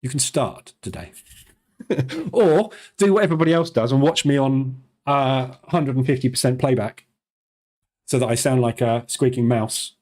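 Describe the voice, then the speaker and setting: A man hosts a live stream, talking quickly and informally. His delivery is loose and chatty, full of fillers and quick asides. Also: mid-range voice, a little mellow. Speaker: live-stream trading host.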